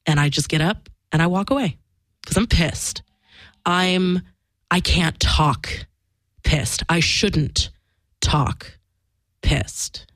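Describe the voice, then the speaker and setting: A woman's voice: on the low side, slow pace, pauses often, a bit bright, dry recording. A woman telling a personal story in frank, casual conversation, swearing freely and acting out the lines of the people in it. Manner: frank and emphatic, swears freely, acts out quoted dialogue.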